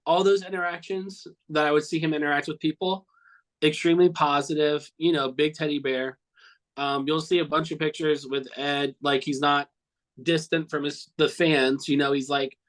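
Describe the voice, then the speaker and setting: A man's voice: on the high side, fairly bright tone, poor audio. A man recounting memories of a friend in a casual, heartfelt interview, rambling and swearing now and then. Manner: earnest, repeats himself often. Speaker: cartoonist guest.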